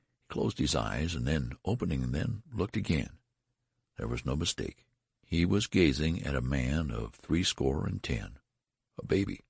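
A man narrating a story as an audiobook reading, with dramatic, expressive delivery. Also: a bass voice, gravelly, husky, no room sound, studio quality.

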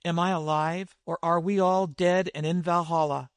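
Man reading as a dazed barbarian warrior, halting, slightly high, dry. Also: level tone, no room sound, close to an everyday voice.

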